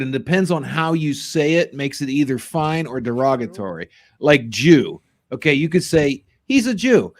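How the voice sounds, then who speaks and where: A man hosting a casual sports talk podcast, rambling and animated, quick to laugh. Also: fairly high pitch. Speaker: podcast host.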